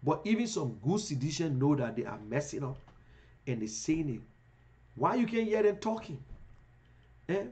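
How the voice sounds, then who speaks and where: A man's voice: on the high side, sing-song, moderate pace, long pauses, warm tone. A man with a Liberian English accent giving heated live-streamed political commentary, full of rhetorical questions.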